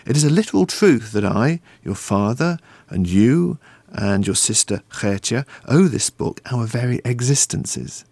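A man's voice: mid-range voice, big pitch swings, a little slow, creaky, few pauses, darkish tone, breathy edge, dry recording, heavily acted. A man reading aloud and voicing a stern, pious older uncle who solemnly exhorts his nephew. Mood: solemn exhortation.

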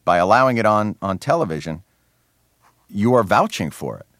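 A man from New Jersey, a guest in a radio interview, talking with a wry, sardonic edge and lots of quick restarts. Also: lowish voice, big pitch swings, a bit bright, no echo, studio quality. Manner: many restarts and fillers. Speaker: interview guest, comedy show host.

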